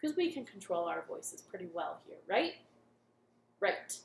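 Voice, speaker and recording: A woman's voice: fairly low pitch, big pitch swings, a little slow, creaky, reverberant, a little hiss or hum. A young woman leading a cheerful children's storytime from her living room, chatting and singing simple songs.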